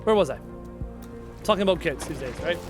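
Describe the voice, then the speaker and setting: Over music, a gaming streamer and YouTuber talks to his audience from home while he plays, ranting in a casual way with strong, blunt opinions and hammering his key points again and again. He sounds animated, fairly high-pitched, and fairly quick.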